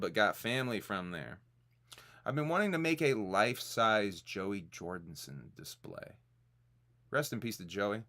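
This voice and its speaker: A man with a low voice and a lively, swinging delivery chats casually on a live-stream podcast. He jokes loosely and calls out viewers in the chat. He sounds like he is in his thirties. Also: gravelly. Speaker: podcast co-host.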